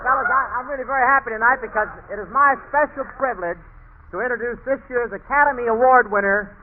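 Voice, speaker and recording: A man hosting a 1940s radio comedy show, trading quick, self-mocking wisecracks, heard as a tinny, hissy broadcast. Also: very high voice. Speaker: comedian host.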